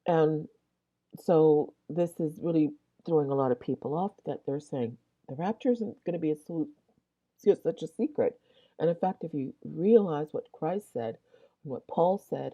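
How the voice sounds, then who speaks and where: Woman w/ a really deep low voice rambling through her testimony, yawny, kinda muffled lo-fi audio. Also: normal speed, mellow. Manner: rambling, with many restarts and asides. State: yawning and clearing her throat. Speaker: Christian video host. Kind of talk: casual personal testimony. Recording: dull lo-fi sound.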